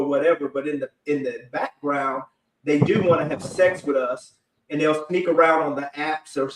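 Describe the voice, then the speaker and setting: A man's voice: fairly high pitch, far from the mic, a little hiss or hum. A man hosting a live panel discussion, talking in a rambling, conversational way full of fillers. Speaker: panel host. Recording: echoey room, away from mic.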